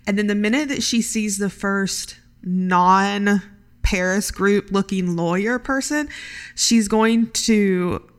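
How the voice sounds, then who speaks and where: A woman's voice: medium pitch, slow pace. A young woman playing a tabletop role-playing game, chatty and giggly with lots of fillers. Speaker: player. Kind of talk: tabletop role-play, casual.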